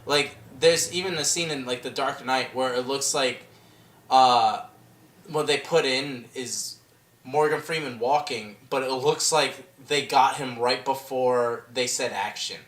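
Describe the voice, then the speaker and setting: A young man co-hosting a casual movie podcast, animated and swearing freely, often mimicking film characters. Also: medium pitch, a little slow, echoey room. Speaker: podcast co-host. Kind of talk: casual chat about movies.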